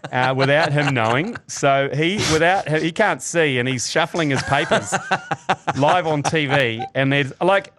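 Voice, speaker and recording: A man's voice: fairly high pitch, a little slow, a bit bright, slight background noise. A man hosting a casual comedy podcast, rambling through stories with many ums and laughing at his own jokes. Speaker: podcast host.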